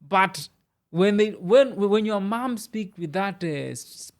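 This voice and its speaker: A young man from Kenya with a gravelly, fry-heavy voice hosts a podcast. He talks conversationally and pushes back on his guest, filling his sentences with "you know" in a casual studio debate. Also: high-pitched, expressive, takes it slowly. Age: young adult. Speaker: podcast host.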